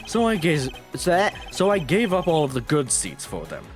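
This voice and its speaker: Guy putting on a snooty older diplomat, lower voice, slow and smug. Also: huge pitch swings, faint music behind. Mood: haughty. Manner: slow, haughty, condescending. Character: pompous older male ambassador, smug.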